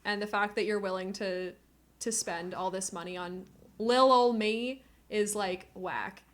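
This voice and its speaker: A woman's voice: medium pitch, steady tone, measured pace. A woman streamer chatting casually to her viewers, gushing and emotional, near tears, laughing often, on a cheap desk microphone at home. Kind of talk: casual live-stream chat.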